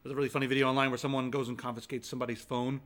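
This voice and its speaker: A young man co-hosting a casual chat show, telling stories animatedly and dropping into quick impressions. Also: mid-range voice. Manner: animated storyteller who slips into quick voice impressions. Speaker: co-host.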